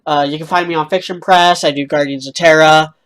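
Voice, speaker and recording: A man's voice: a little high, steady tone, a little fast, a bit bright, smooth. A man hosting a casual fan podcast, talking with lots of hesitant fillers. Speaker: podcast host.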